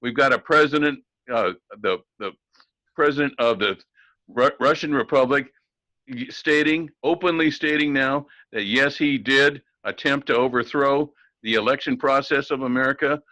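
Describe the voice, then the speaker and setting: A man's voice: mid-range voice, normal speed, pushed and bright, dry recording, rough recording. A man co-hosting a talk show, ranting in an indignant, sarcastic way with frequent restarts. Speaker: co-host. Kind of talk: ranting talk-radio commentary.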